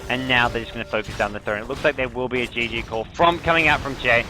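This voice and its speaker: A young man casting a video game match on his own, with a slight French accent, explaining strategy calmly and getting excited on big plays. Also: mid-range voice, fast, over music. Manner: analytical, rising to excited bursts on big plays. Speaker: esports caster. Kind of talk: solo game commentary.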